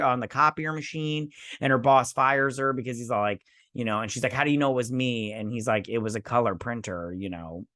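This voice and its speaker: A man's voice: mid-range voice, pushed and bright, no echo, studio quality. Profane, ranting man reviewing a show. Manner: angry, profane ranting with mocking put-on quotes. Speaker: host reviewing a TV episode.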